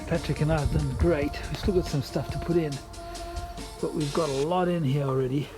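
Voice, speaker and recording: A man's voice: fairly high pitch, fairly even intonation, fairly quick, music in the background. A South African-born man vlogging outdoors, chatting casually and laughing often as he tells a tired, rambling story. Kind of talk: casual vlog chat. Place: outdoors, garden and yard.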